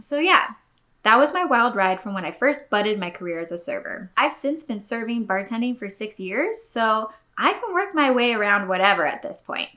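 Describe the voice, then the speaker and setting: A young woman hosts a podcast and tells restaurant stories in a loose, chatty way. Her voice is bright and a little high, and she swears freely while acting out what people said. She sounds animated and candid throughout. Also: moderate pace. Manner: animated, swearing, expressive quoting. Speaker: podcast host reading a listener story. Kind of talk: casual storytelling podcast.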